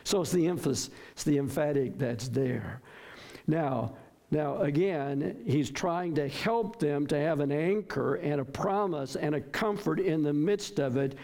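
A man's voice: on the high side, unhurried, a little mellow. A man preaching a sermon, emphatic and stressing words by repeating them, often asking his listeners questions. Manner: asks the congregation questions. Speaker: pastor.

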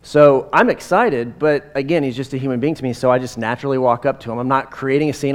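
A man's voice: medium pitch, fast talker, few pauses. A man in his forties preaching a sermon in a conversational, rambling way, with many fillers and side stories. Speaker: pastor.

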